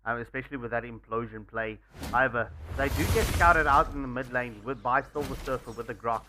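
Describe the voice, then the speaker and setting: A man co-commentating an esports match, calmly reading out the schedule and calling fights. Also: mid-range voice, background noise. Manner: measured, announces schedule, rises in teamfights. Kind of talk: live game commentary.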